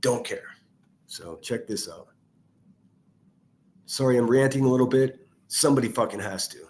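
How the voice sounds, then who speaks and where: A man's voice: medium pitch, normal speed. A man ranting angrily over clips he plays, swearing heavily and hurling insults as a commentary youtuber. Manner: angry, profane, shouting insults.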